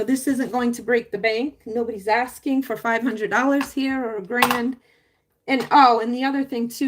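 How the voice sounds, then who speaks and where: A woman's voice: fairly high pitch, a bit bright, a little hiss or hum. Emotional woman rambling on a live stream. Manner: rambling, heartfelt, full of fillers and restarts. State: emotional, voice wavering. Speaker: livestreamer promoting a home business. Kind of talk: casual live-stream talk.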